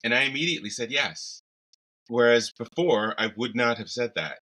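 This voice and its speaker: A man co-hosting a casual podcast chat, playful and quick to laugh. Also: mid-range voice, poor audio. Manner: laughs often, animated and playful. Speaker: podcast co-host.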